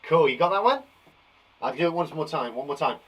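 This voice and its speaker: A man with a British accent teaching a phonics lesson to young children, sounding out words slowly and encouraging them. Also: fairly high pitch, expressive, a bit bright, slightly rough.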